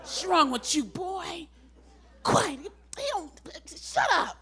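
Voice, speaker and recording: A woman's voice: very high voice, sing-song, slow, heavily acted. Woman playing a scornful crowd shushing someone. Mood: scolding. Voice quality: sharp, scornful, repeated shushing. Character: scolding crowd telling a blind beggar to hush.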